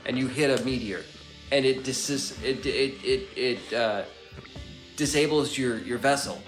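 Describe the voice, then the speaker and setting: Man, casual podcast co-host, agreeable and thoughtful, mid pitch, faint music bed. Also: measured pace. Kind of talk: casual comedic chat.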